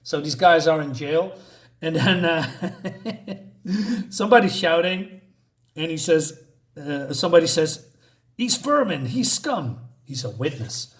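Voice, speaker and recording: A man with a fairly high voice talks through a comic issue in a casual, unscripted way. He hesitates a lot, fills gaps with ums and uhs, and stops to correct himself. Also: measured pace, pauses often. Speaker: comic book reviewer.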